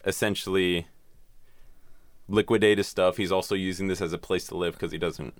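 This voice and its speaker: A man's voice: deep voice, steady tone, moderate pace, no echo. A man in casual chat, recapping a film's plot in a rambling way with lots of swearing and filler words. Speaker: podcast host recapping a film.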